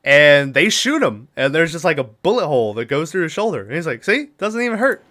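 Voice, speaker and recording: A man's voice: fairly high pitch, sing-song, fairly quick, pushed and bright. A man hosting a podcast, casually retelling a movie's plot and acting out the characters' lines with laughs. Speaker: podcast host.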